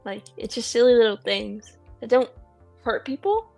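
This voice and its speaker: A woman's voice: fairly high pitch, sing-song, moderate pace, gravelly, darkish tone, soft background music. A woman co-hosting a casual film podcast, talking eagerly with lots of ums. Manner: enthusiastic, chatty, lots of ums. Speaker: podcast co-host.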